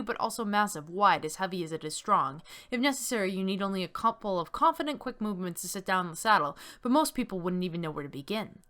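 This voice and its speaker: Woman narrating a text game, bright, chatty, jokey. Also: mid-range voice. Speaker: game streamer reading a text game. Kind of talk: reading game text aloud with asides.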